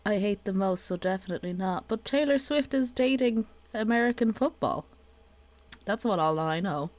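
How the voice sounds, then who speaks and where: Irish woman streamer, young adult, chatty and sweary, very lively pitch. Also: moderate pace. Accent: Irish, Dublin. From Ireland. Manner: chatty, swears freely, laughs often. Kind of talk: casual live-stream chat.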